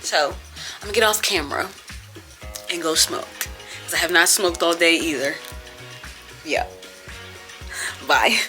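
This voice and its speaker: A woman's voice: fairly low pitch, a little slow, long pauses, sharp tone, faint music behind. A young woman vlogger talking casually and venting, with a lot of profanity and frustration.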